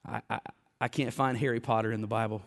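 A man's voice: lowish voice, flat delivery, fast, gravelly. Man preaching a sermon in a reverberant church. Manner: impassioned, building to loud preaching, joking asides. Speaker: pastor. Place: church sanctuary.

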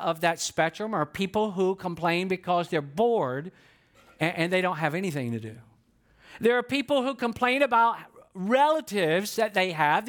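A man's voice: sits high, a bit bright. A man, a pastor, preaching a sermon in a loose conversational way, asking the listeners questions and acting out quotes.

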